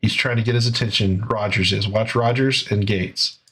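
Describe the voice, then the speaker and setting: A man's voice: on the low side, steady tone, moderate pace, a bit bright, breathy edge. A man hosting a casual commentary video, talking over footage in a conversational, sarcastic way. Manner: conversational, with fillers and restarts. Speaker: commentary show host.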